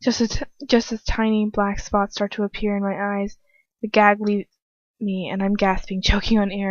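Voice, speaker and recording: A woman's voice: medium pitch, little pitch movement, normal speed, no room sound, muffled recording. A woman reading first-person fan fiction aloud in an unpolished way, with slips and restarts.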